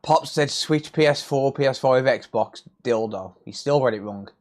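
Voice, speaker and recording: A man's voice: medium pitch, moderate pace, darkish tone. A man, chatting casually and joking crudely with viewers while doing electronics repair work. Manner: joking, crude banter with chat. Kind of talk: casual live-stream chat while working.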